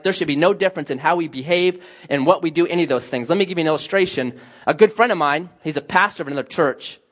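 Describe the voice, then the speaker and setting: High-voiced man preaching a sermon. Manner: lively storytelling with acted dialogue. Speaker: pastor. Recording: dull lo-fi sound.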